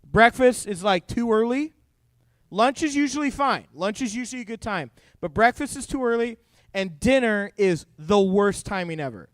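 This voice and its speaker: A young male youth pastor with a high, smooth, resonant voice, cracking jokes as he preaches to teens. His delivery is animated and playful, recorded up close and dry. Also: normal speed, no echo. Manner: jokey, animated storytelling to teens. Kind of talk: youth sermon.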